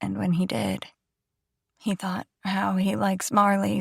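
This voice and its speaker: A woman's voice: medium pitch, flat delivery, slow pace, creaky, breathy edge, no room sound, studio quality. A young adult woman narrating a first-person audiobook in a chatty, self-deprecating way.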